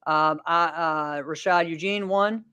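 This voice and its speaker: This podcast host, a martial arts competitor in his thirties, keeps the casual chat upbeat and rambling, laughing often and using many fillers. He speaks slowly in a steady, slightly high voice that's pushed and bright, clear and resonant. The audio has no echo.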